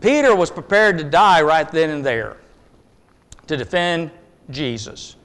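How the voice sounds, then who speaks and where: A man preaching a sermon in an earnest, emphatic way, swinging between loud stresses and hushed asides. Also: a little high, big pitch swings, unhurried, in a large hall.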